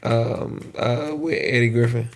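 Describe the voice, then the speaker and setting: A man's voice: mid-range voice, fairly even intonation, slow, vocal fry, slight background noise. A man on a casual podcast, mostly reacting with short remarks and swearing freely. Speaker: podcast co-host. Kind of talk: casual chat.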